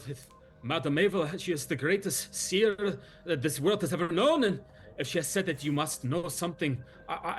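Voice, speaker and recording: A frantic middle-aged camp leader, played by a man running a tabletop game. He stammers and repeats himself, his voice climbing high when he gets worked up. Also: lightly acted. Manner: stammering, flustered, rising pitch.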